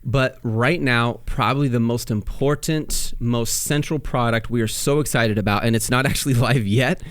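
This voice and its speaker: A man co-hosting a relaxed podcast with lively, salesy enthusiasm. His voice sits at an ordinary middle pitch. The sound is dry and close, with little room in it. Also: normal speed, dry recording. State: out of breath. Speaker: podcast co-host. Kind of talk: casual podcast chat.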